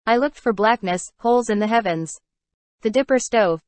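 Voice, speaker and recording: A woman's voice: fairly high pitch, moderate pace, darkish tone, dry recording. Woman chanting surreal spoken-word lines. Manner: chanting, repetitive, dramatic.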